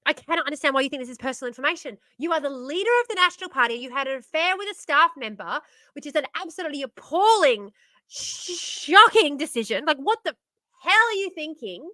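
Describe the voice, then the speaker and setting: A woman's voice: high voice, expressive, fast talker, bright, forceful tone, no room sound, clean studio sound. A woman hosting a stream, ranting in exasperation and swearing as she reacts to the news. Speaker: streamer host.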